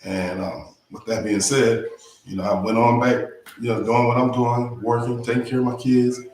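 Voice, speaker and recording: A man's voice: medium pitch, moderate pace. A man telling a casual story about his path to yoga, acting out the lines of his friends. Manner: animated, acts out quotes. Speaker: guest, yoga teacher. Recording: echoey room, faint noise.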